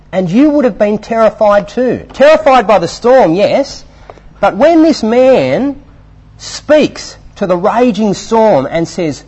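A man preaching a sermon in an animated, emphatic way, with fillers between his points. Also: on the high side, slightly rough.

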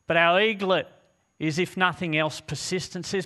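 A man preaching a sermon, telling a story in an animated, dramatic way with slow pauses. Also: sits high. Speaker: pastor.

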